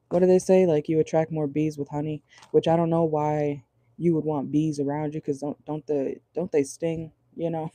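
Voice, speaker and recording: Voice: medium pitch, warm tone, no echo. A chatty tarot reader giving a casual, blunt reading from inside a car, swearing freely and laughing often.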